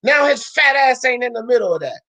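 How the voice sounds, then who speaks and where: A woman's voice: on the high side, expressive, fairly quick. Ranting, foul-mouthed woman boxing host. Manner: loud, profane, ranting, often shouting. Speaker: sports talk show host. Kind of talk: heated boxing commentary rant.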